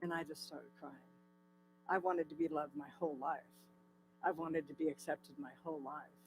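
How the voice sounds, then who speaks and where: A woman's voice: low-pitched, fairly even intonation, normal speed, faint music behind, rough recording. A woman speaking at a church, telling her own recovery story in a personal testimony with vivid storytelling and acted-out quotes, earnest and tearful in places.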